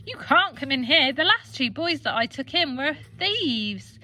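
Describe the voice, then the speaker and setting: A woman doing a shrill, scolding giant's wife. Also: lively intonation, measured pace, bright, forceful tone, heavily acted. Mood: refusing. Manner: shrill and insistent.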